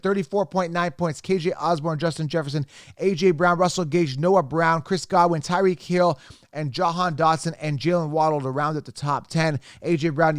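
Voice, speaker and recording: Guy hosting a fantasy football show, kinda high clear voice, blunt and pushy, dry close mic. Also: no room sound. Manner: emphatic, blunt, salesy. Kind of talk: energetic solo sports commentary.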